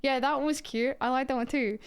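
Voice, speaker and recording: An Australian woman on a live stream talks in a loose, rambling way. She reacts to her chat and swears without a second thought. Her voice is smooth and clear and sits a little high. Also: steady tone, fairly quick.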